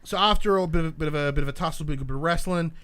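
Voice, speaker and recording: A man co-hosting a podcast, recapping wrestling in a rambling, self-correcting, excitable way. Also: a little high, racing, clean tone. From Australia. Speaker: podcast co-host. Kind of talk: casual chat recapping wrestling.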